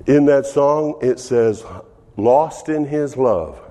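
Slow, dark-voiced older pastor preaching. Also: male voice, medium pitch, in a large hall. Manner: animated, laughing, drops to whispers in prayer. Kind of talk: sermon.

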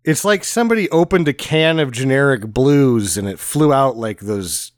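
A man's voice: mid-range voice, dry recording, studio quality. A man co-hosting a podcast, sarcastically complaining about a bad movie's music and shots. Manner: sarcastic, quick to complain, lively storytelling. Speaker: podcast co-host. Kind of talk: casual bad-movie commentary.

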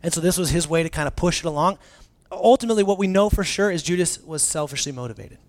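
A man's voice: fairly high pitch, fast. A man delivering a conversational sermon, his voice sitting a bit above the usual male range. He preaches casually and animatedly, often restarting his phrases and leaning on filler words as he talks to his congregation. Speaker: pastor.

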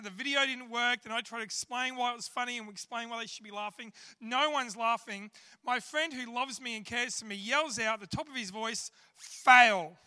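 An Australian man delivers a casual, self-deprecating sermon in a church. His voice sits very high and sounds bright and sharp. A long reverb from the church hall trails after his words. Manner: chatty, self-deprecating, with fillers. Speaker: church speaker. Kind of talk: sermon with humorous storytelling. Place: church service.

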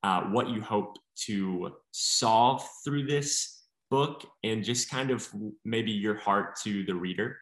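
Eager low-voiced man in a roomy space. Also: slow pace, fairly bright tone. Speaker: interview host. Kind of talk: casual interview.

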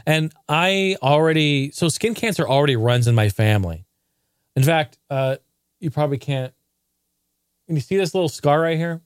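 A man vlogging to camera in casual, profane storytelling, jokey and animated, breaking into outraged bursts. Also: on the high side, normal speed, clear, resonant tone, no room sound, clean studio sound.

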